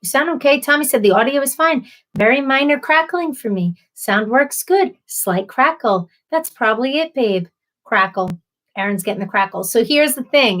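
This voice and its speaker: A woman's voice: on the high side, moderate pace, fairly bright tone, poor audio. A woman in her thirties chatting casually with viewers on a livestream, apologetic and self-deprecating. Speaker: livestream host.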